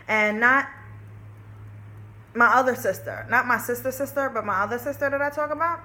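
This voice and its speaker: A woman's voice: a little high, moderate pace, bright, forceful tone. A young woman telling a story to camera in a candid, chatty way, swearing freely and filling her talk with "like" and "you know.". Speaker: vlogger. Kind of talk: casual storytime chat.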